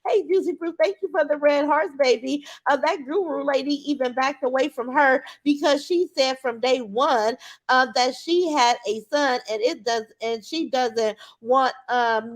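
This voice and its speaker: A middle-aged woman livestreaming, talking in a blunt, profane, mocking way with emphatic repetition. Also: high-pitched. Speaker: live streamer. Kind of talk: unscripted livestream rant.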